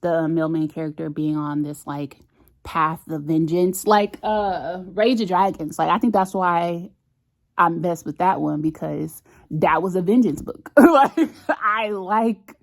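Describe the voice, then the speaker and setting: Slow, gravelly-voiced woman gushing about books. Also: on the low side. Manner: gushing, effusive, full of "like" fillers. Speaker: book vlogger. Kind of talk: casual reading vlog chat.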